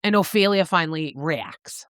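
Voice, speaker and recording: A woman's voice: low-pitched, moderate pace, no echo, clean studio sound. A woman co-hosting a book podcast, recapping a novel in casual chat, swearing freely as she goes. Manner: animated, swears freely, acts out characters' lines.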